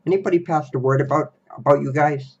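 A young man ranting slowly and repetitively in a reaction video. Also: on the high side, a little hiss or hum. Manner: slow, repetitive, grumbling. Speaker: vlogger. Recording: dull lo-fi recording.

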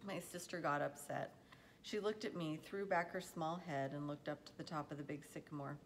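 A woman reading a children's novel aloud in a steady, unhurried storytelling manner. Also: low-pitched, slight background noise, low-quality recording. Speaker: audiobook reader.

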